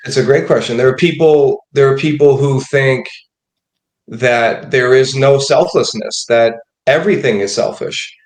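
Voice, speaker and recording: A male counselor guest who answers in a thoughtful, measured way at an ordinary male pitch. His voice carries a noticeable roomy echo, as if recorded on a remote line. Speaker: guest, rape crisis counselor. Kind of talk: interview answer.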